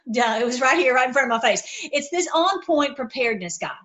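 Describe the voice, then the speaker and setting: High-voiced woman ranting to camera. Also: lively intonation, fairly quick, a bit bright, low-quality recording. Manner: impassioned, heated, repetitive restarts. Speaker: video commentator. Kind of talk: casual opinion monologue.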